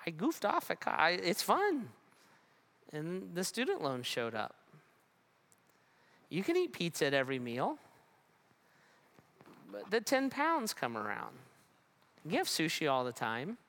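A pastor preaching a sermon in a conversational way, with humor and frequent restarts. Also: male voice, on the high side, huge pitch swings, unhurried, long pauses, fairly bright tone.

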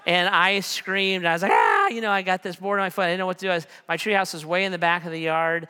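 A man's voice: sits high, little pitch movement, quick pace, bright, forceful tone, smooth. A man in his forties preaching a sermon, telling a personal story in a conversational way with self-deprecating humor. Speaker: pastor. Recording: long hall reverb.

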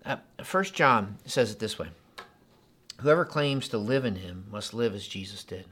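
A man, a pastor preaching a sermon in a conversational, animated way with frequent asides and repetitions. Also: on the low side, measured pace.

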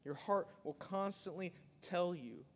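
A man preaching a sermon with a slightly higher voice, and his words ring out with a long reverb. He talks in a conversational way but swings from sudden loud bursts to soft, quiet lines. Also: unhurried. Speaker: pastor.

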